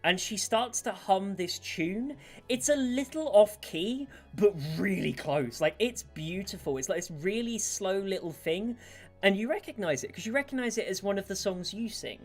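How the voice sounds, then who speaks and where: A woman narrating as game master in a tabletop game, lively and animated, with many fillers. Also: mid-range voice, moderate pace, faint music behind.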